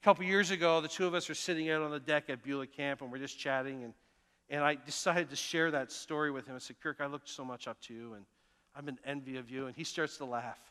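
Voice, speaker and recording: A middle-aged man preaching a sermon as pastor, telling personal stories earnestly, moving between emphatic lines and hushed ones. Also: on the high side, fairly even intonation, fast, smooth. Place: church sanctuary. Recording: long church reverb.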